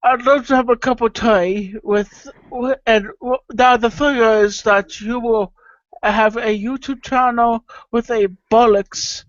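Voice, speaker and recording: A man voicing a mock posh Englishman in a put-on British accent, fumbling and halting, over dull lo-fi audio. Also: very high voice, steady tone, no echo.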